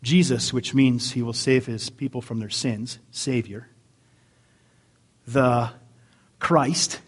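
A man preaching a sermon as pastor, animated, swinging from near-yelling down to quiet asides. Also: mid-range voice, slow, slightly rough. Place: church sanctuary.

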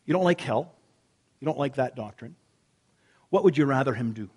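In an expressive sermon at normal speed, a husky-voiced pastor alternates between loud, emphatic declarations and quiet, low moments.

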